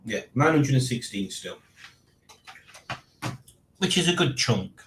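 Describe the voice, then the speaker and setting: Male stream host, rambling and dry-humoured, mid pitch, roomy home room. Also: very animated, takes it slowly, fairly bright tone, a little hiss or hum. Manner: rambling, dry playful teasing, reading chat aloud. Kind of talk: casual live stream chat.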